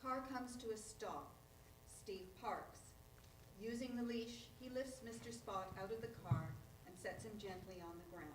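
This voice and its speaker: A woman reading stage directions aloud at a live play reading, in a plain, measured way. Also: a little high, noisy background. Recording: echoey room, voice far from the mic.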